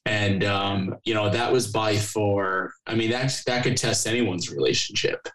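A man with a fairly low voice, sitting in as a podcast guest. He talks casually, drifting through long stories with plenty of fillers and reenacted back-and-forth. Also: a little slow, a bit bright, low-quality recording. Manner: rambling storyteller, many fillers and acted-out dialogue. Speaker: podcast guest, company co-founder. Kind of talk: casual chat.

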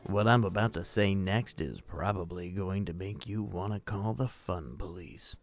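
A man, the podcast's host, reading a deliberate, scripted promo. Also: deep voice, soft background music.

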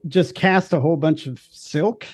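A man's voice: on the high side, moderate pace, darkish tone, husky, no echo, studio quality, soft background music. A man playing a tabletop game, playful and a bit theatrical. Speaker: player.

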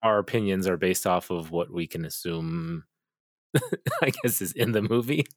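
A man co-hosting a podcast in casual chat, easygoing and quick to laugh. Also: low-pitched, wildly swooping pitch, dry recording, clean studio sound. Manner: laughs often, easygoing interjections. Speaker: podcast co-host.

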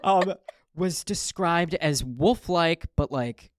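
A man's voice: fairly high pitch, slow pace. A man hosting a podcast, telling a story in a playful, joking way with lots of ums and asides. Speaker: podcast host.

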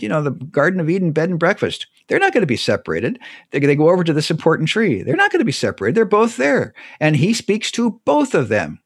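A man on a talk show telling stories about scripture with emphatic, animated delivery and frequent restarts. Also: fairly high pitch, quick pace, no echo, clean studio sound. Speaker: guest speaker on theology. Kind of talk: animated conversational storytelling.

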